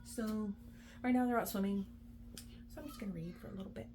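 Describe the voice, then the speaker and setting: A woman's voice: medium pitch, brisk, warm tone, a little hiss or hum. A young adult woman, a mom and book vlogger, chatting casually with lots of likes and ums. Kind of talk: casual vlog chat.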